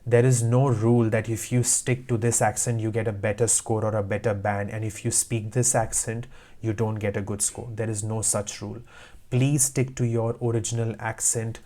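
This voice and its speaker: A man's voice: fairly low pitch, little pitch movement, normal speed, mellow. A man teaching IELTS speaking tips, giving direct, emphatic advice in short repeated commands. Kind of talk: instructional talk to camera.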